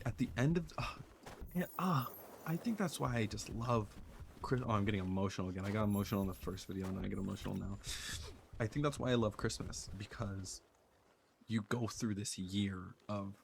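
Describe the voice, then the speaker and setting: A young man streaming a game, talking in a soft, earnest, rambling way with many fillers and restarts. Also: on the low side, fairly quick, creaky, pauses often, slight background noise. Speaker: gaming streamer. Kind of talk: reflective casual chat while playing.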